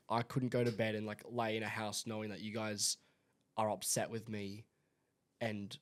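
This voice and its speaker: A man's voice: fairly low pitch, flat delivery, normal speed. A young man, a son chatting on a family podcast, rambling and restarting as he searches for words. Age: young adult. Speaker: son of the host. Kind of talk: casual family podcast chat.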